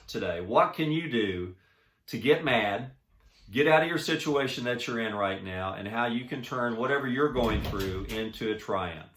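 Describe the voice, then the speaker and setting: An earnest man gives a personal, motivational talk in a middle-pitched voice. He stumbles and restarts often, then pushes words out with force. The sound rings around an echoey room. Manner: earnest, halting, with many restarts; swings between soft and emphatic. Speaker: motivational speaker.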